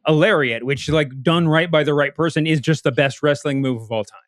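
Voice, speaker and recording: Rambling man with a higher voice, dry sound. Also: fairly quick, no echo. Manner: rambling, self-interrupting, lots of fillers. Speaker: podcast co-host. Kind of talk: casual chat.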